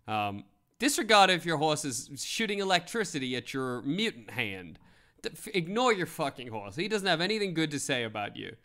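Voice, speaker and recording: A young man streaming, joking and swearing as he reads web articles aloud. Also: a little high. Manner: joking, animated, swears freely. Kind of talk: casual commentary reading web articles.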